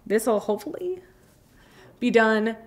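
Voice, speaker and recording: A woman's voice: on the high side, animated, takes it slowly. A woman co-hosting a casual livestream, chatty and laughing often as she reads out viewer questions. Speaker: co-host, lawyer. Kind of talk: casual chat.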